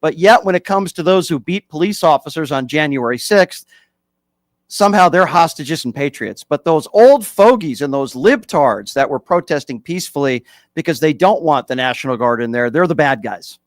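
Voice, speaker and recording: A man hosting a call-in talk radio show, his voice sitting slightly high for a man and recorded very dry and close on a studio mic. He presses his callers hard, repeating his questions until he gets an answer. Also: lively intonation, normal speed, no room sound.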